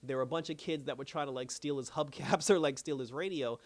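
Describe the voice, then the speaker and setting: A man recaps a crime series episode in a relaxed, slangy way, stringing the plot together with fillers and asides. He talks quickly at a mid-range pitch. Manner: slangy, loose storytelling with fillers. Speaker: show reviewer.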